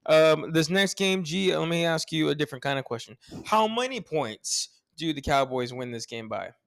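A man's voice: on the high side, lively intonation, normal speed, vocal fry, a bit bright, clear, resonant tone, no echo, clean studio sound. A man co-hosting a sports podcast, bantering casually with joking, profane picks. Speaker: podcast co-host.

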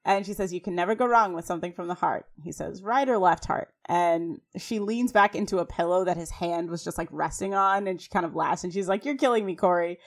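A woman's voice: lowish voice, brisk, few pauses. Chatty woman podcast co-host. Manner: chatty, animated retelling with frequent fillers and laughs. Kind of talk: casual scene-by-scene recap.

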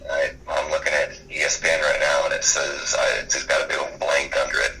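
A man's voice: rumbling low, monotone, fairly quick, bright, forceful tone, soft background music, low-quality recording. A man co-hosting a casual sports chat, giving dry, brief remarks. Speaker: co-host.

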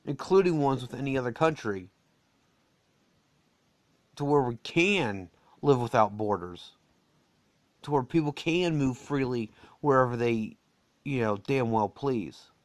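A man's voice: mid-range voice, a little slow, long pauses, dry recording. An American man hosting a casual solo podcast, rambling and digressive with frequent fillers. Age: adult. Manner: rambling, digressive, with many "uh"s and restarts. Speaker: podcast host.

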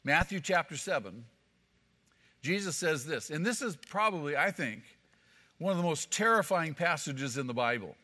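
A man's voice: a little high, lively intonation, moderate pace, bright, forceful tone. A male pastor preaching an emphatic sermon, repeating key phrases for weight. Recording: long hall reverb.

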